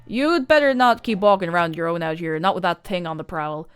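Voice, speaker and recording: A woman doing a gruff old backwoods hunter in a story game, talking in a blunt, folksy drawl, his voice a touch lower than hers. Faint music plays behind him. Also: fairly quick, natural voice. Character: gruff older male mountain hunter.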